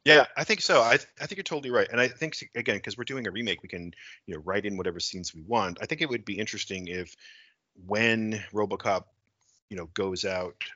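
Male podcast co-host, bright voice, casual storytelling, dull lo-fi recording. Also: fast talker, no room sound. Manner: pitches scenes, acting out dialogue. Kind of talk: casual movie-remake brainstorming chat.

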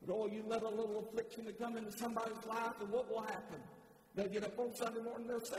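A male preacher with a strikingly high voice delivers a fervent sermon, stumbling and restarting as he presses his point. He is heard in a big church hall with a long echo. Faint noise sits under the recording. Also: little pitch movement, fast talker, darkish tone. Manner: fervent, repetitive, stammering restarts.

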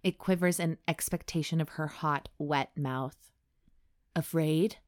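A woman hosting a comedy podcast, reading an erotic story aloud in a deadpan voice between jokes. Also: sits low, normal speed, no room sound, clean studio sound. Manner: deadpan reading broken by laughing asides. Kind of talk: dramatic reading with comic banter.

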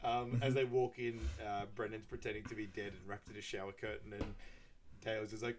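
A man's voice: fairly low pitch, level tone, a little fast, a little hiss or hum. A man co-hosting a podcast, recapping a film in casual chat and acting out quoted lines in raised voices. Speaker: podcast co-host.

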